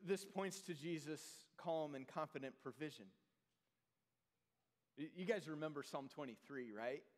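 A man preaching a sermon as pastor, earnest, often dropping to a soft, slow voice for emphasis. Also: on the high side. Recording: long hall reverb.

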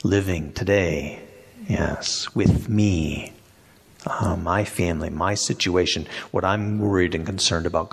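A man's voice: low-pitched, a little slow, gravelly, slightly rough. A man, a pastor leading an interactive Bible study, who asks the group questions and repeats their answers back to them. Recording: long reverb in a hall.

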